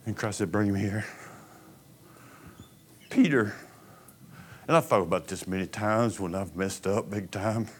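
A man preaching a sermon, telling a story as he swings from hushed to loud. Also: fairly low pitch, animated, moderate pace, slight background noise. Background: piano music.

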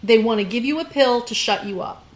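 A middle-aged woman talks in a relaxed, casual chat. She is blunt and opinionated. She leans hard on the points she cares about. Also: fairly high pitch, fairly quick.

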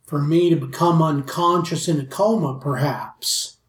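Slow-talking man, distant and echoey. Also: fairly high pitch, steady tone. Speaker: player. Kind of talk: casual tabletop play. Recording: echoey room, distant mic.

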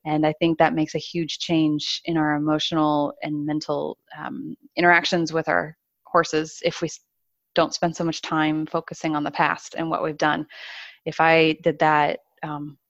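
Low-voiced woman horse trainer, dry sound. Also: completely flat delivery, moderate pace, no echo, dull audio. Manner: friendly, laughs often, rambling with restarts. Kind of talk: casual conversation.

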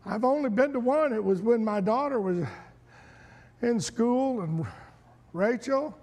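A middle-aged pastor delivers a sermon in a strikingly high voice, taking his time over each phrase. He swings from quiet scripture reading to fervent, shouted exhortation. The sound rings with the long reverb of a large church hall. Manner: rising to shouted, fervent preaching. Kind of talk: preaching sermon. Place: church sanctuary.

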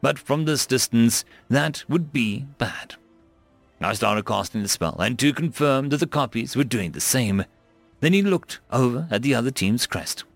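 Male audiobook narrator, gravelly, lively pitch, dry close sound. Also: moderate pace, no echo, faint music behind. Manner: steady storytelling, voicing each character.

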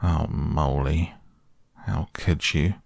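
A man voices a careful, worrying water rat. His low, gravelly voice lifts a little and sounds humble and fussy. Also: moderate pace, a little mellow, no echo, clean studio sound. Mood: anxious.

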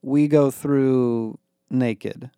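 A man's voice: medium pitch, moderate pace, darkish tone, no echo, clean studio sound, natural voice. A man voicing a skeptical teenage girl who complains and questions everything. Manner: suspicious, complaining.

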